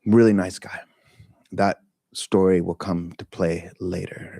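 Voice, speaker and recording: A man's voice: deep voice, little pitch movement, takes it slowly, creaky, warm tone, husky, no echo. A middle-aged man leading a meditation talk, telling a personal story in a candid, casual way with frequent swearing, laughter and fillers.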